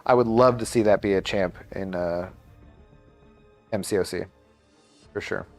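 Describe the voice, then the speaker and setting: A man's voice: low-pitched, measured pace, soft background music. A man streaming a game live, chatting casually and thinking aloud with lots of fillers.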